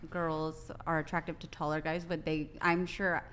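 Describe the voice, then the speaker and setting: Low-voiced, giggly young woman. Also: flat delivery, normal speed, fairly bright tone, slight background noise. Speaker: guest. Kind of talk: casual panel chat.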